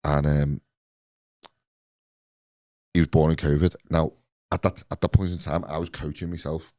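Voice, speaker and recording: Host, man, late 30s, very low dark voice, easygoing delivery, dry close sound. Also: level tone, moderate pace, dry recording. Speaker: podcast host. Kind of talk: casual chat.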